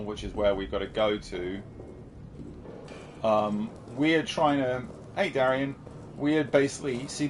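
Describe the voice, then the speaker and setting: A man's voice: on the low side, a little hiss or hum. Chatty British man streaming a game. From United Kingdom. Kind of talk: casual livestream commentary.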